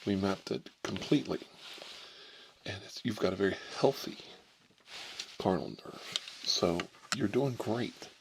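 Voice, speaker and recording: A man from Ohio hosts a comic ASMR role-play in the part of an examining doctor. His voice sits low and gravelly, and he wanders from story to story in an irreverent, chatty way. A faint hiss runs under the recording. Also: a little slow, pauses often. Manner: rambling, irreverent storyteller who digresses and laughs at his own jokes. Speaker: channel host playing an examining doctor. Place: indoors, smoking a cigarette.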